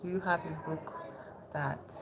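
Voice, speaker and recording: A young woman chatting casually with her live-stream chat, soft-spoken and calling herself very emotional. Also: low voice, fairly even intonation, unhurried. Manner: soft-spoken, thanks chat warmly, says she is very emotional. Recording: noticeable background noise.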